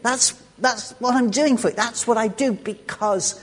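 A man's voice: very high voice, a little slow, hardly any pauses. A man gives a conversational sermon in a church hall. He talks through the text with asides and small restarts, and a long reverb trails each phrase. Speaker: preacher.

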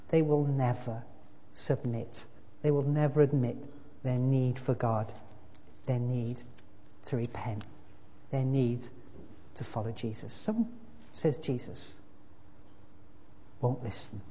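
Earnest preacher in a reverberant hall. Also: male voice, mid-range voice, muffled recording. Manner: earnest, slowing to quiet prayer. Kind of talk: sermon and prayer.

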